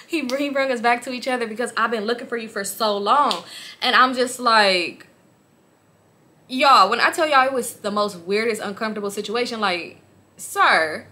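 A young woman from the Los Angeles area telling a story to her viewers, animated, slangy and profane, speaking straight to them. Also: fairly high pitch, normal speed. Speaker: storytime vlogger.

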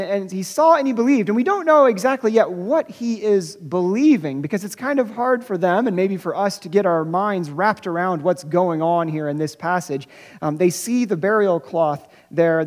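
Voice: mid-range voice, a little mellow. Searching preacher in an echoing church. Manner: searching, repeats words and restarts, slows for emphasis. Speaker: pastor. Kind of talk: Easter sermon. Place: church sanctuary. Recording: long reverb of a church hall.

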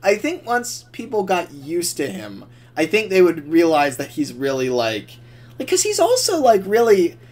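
A young man co-hosting a podcast, chatting casually in an excitable, rambling way, full of fillers. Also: sits high, moderate pace. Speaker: podcast co-host. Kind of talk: casual chat.

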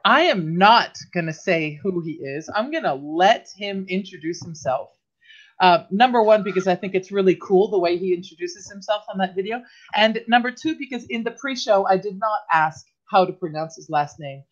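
A woman host talks in a casual, chatty way, restarting her sentences and laughing easily. Her voice sits at a middle pitch. The sound is slightly muffled, as over an online call. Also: lively intonation, normal speed. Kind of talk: casual live-show chat.

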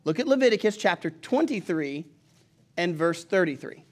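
In his sermon, a middle-aged pastor with a Southern country accent speaks in a fairly high, very animated voice at a moderate pace. He keeps it folksy and conversational, frequently urging listeners to follow along in their Bibles.

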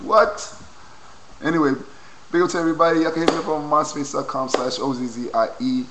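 A young man vlogging into a low-quality webcam, excitedly reacting and repeating exclamations. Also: brisk, background noise. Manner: hyped, repetitive exclamations. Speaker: video blogger.

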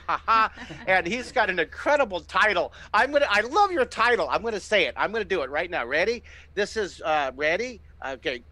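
Middle-aged guy teaching drawing live, super enthusiastic, fairly high bright voice. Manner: enthusiastic, encouraging, exclamatory; talks while sketching, step-by-step instructions. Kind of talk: live online drawing lesson.

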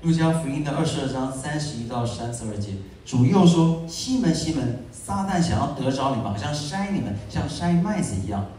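Brief: male interpreter at a church service, mellow voice, distant mic, ringing hall echo. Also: fairly high pitch, lively intonation, fairly quick, hardly any pauses, a little hiss or hum. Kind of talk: sermon interpretation. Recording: echoey church hall, picked up from afar.

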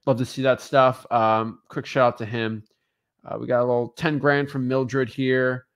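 Brief: male co-host, casual upbeat stream chat, mid-pitched voice, frequent shout-outs. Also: flat delivery, normal speed. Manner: upbeat, giving shout-outs, many fillers. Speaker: co-host of a wholesaling livestream.

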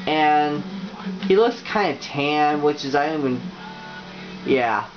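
A man's voice: fairly high pitch, expressive, music in the background. Rambling young man with lo-fi audio. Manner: rambling, halting, many fillers and restarts. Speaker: YouTuber. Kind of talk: casual game tutorial.

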